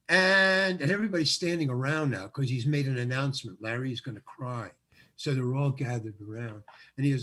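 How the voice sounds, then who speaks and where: A man's voice: medium pitch, a little fast, fairly bright tone. An older man acting as the guest, telling a story in an interview and acting out the lines of other people. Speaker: guest actor.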